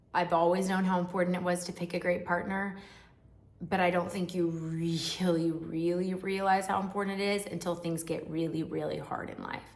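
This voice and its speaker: A woman's voice: fairly low pitch, roomy sound. A young woman vlogger telling her own story to camera in a frank, emotional, chatty way with many asides. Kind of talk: candid personal storytelling to camera.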